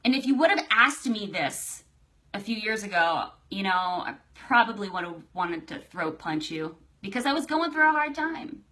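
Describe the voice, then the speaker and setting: A woman's voice: mid-range voice, lively intonation, normal speed, bright, forceful tone. A young adult woman hosting a casual live stream, chatty and emotional, greeting viewers by name. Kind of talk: casual livestream chat.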